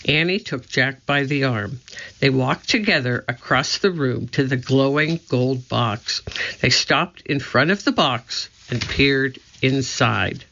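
A storybook narrator reads slowly and deliberately. The voice is bright and has a gravelly fry. The recording is muffled and lo-fi. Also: medium pitch. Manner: slow, deliberate reading. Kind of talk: storybook reading.

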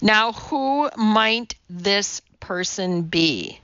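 A woman's voice: expressive, very slow, clear, resonant tone, no echo. A woman voicing a strict, irritable kindergarten teacher who huffs and snaps at the children, on a dull, dry recording. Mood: shouting. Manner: sharp, huffy and shrill when scolding.

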